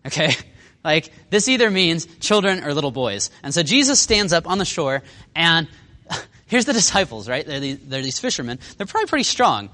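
An animated male Bible teacher with a bright, forceful tone, his voice swinging widely up and down as he explains. He talks in a casual, chuckling way, drawing listeners in with quick asides. His pitch sits a little above the usual.

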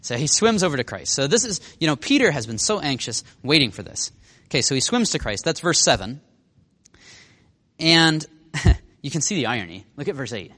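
Animated, bright-voiced male Bible teacher. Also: on the high side, normal speed. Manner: animated, chuckling, conversational. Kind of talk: casual Bible study teaching.

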